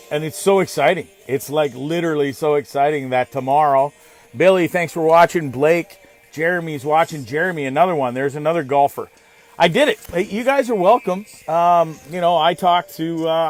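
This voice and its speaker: A man hosting a casual live stream, rambling excitedly and greeting viewers by name. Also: a little high. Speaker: host of a live online show.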